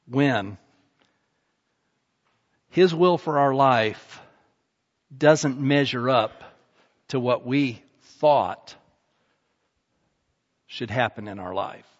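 A male pastor preaching a sermon in a conversational, emphatic way, repeating phrases for stress. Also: medium pitch. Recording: muffled sound with long reverb in a large hall.

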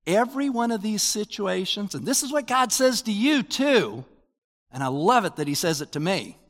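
An older man giving a sermon as pastor, in a conversational, animated preaching manner with rising emphasis. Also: high-pitched, moderate pace, in a large hall.

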